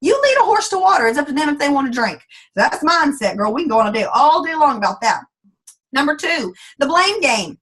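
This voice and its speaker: A woman's voice: high voice, big pitch swings, brisk, a bit bright. A woman leading a motivational team call, emphatic and folksy, blunt and down-to-earth as she coaches her team. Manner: emphatic, acts out quoted voices. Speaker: team leader coaching sales ambassadors.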